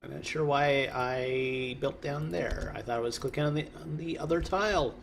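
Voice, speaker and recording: A man in the middle of a relaxed let's play, thinking aloud as he clicks through a strategy game. He rambles, makes small jokes, and corrects himself as he goes. His pitch sits in an ordinary middle range, with a faint hum of background noise under the voice. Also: normal speed, creaky. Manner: rambling, musing aloud with joking asides. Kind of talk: casual gameplay commentary.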